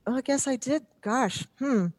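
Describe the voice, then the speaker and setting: A woman's voice: sits high, normal speed, a little mellow. A middle-aged woman guest, telling stories in a chatty, rambling way with many restarts. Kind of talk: casual chat.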